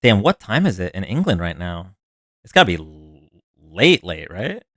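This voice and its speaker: A man's voice: sits low, big pitch swings, normal speed, a bit bright, no room sound. A man hosting a live stream in a casual, rambling way, chatting with viewers and reacting to their comments. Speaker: livestream host. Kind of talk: casual livestream chat.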